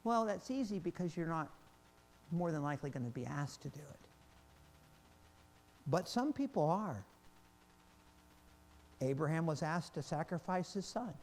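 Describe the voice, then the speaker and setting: A man preaching in a church service, with a high voice for a man. He is animated and repeats himself as he builds a point, then drops to a softer, slower voice. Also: slight background noise. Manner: animated, repeats and restarts, laughs between points, swings from loud to quiet. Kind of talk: sermon.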